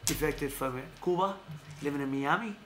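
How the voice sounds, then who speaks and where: A man hosting a casual boxing news chat, his voice sitting a little high for a man, and he wanders off on tangents, restarts his sentences and laughs as he goes. He is recorded in an echoey room with a faint hum of ambience behind him. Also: moderate pace, a bit bright. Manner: rambling, self-correcting, laughs often. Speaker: host.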